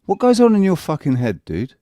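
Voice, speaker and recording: A man's voice: on the high side, huge pitch swings, fairly quick, mellow, dry recording, clean studio sound. A man co-hosting a casual online chat show, teasing and mocking the others. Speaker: podcast co-host.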